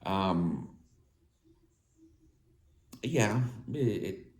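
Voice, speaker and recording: Slow, halting man with a slight lisp. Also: deep voice, sing-song, darkish tone. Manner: halting, with restarts and filler words. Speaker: vlogger. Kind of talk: personal talk to viewers. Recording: echoey room with faint ambience.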